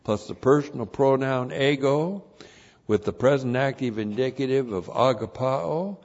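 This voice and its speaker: Male pastor, deliberate and unhurried, emphatic Bible teaching, dull lo-fi church recording. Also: mid-range voice, a little mellow. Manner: slow, emphatic, repeats key words, spells out Greek terms. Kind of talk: expository sermon.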